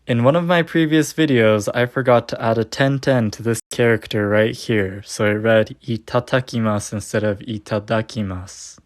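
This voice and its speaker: This young man, a language teacher on short videos, speaks at normal speed with a medium pitch and hardly pauses at all. His phone-recorded lesson is comedic and playful, stuffed with puns.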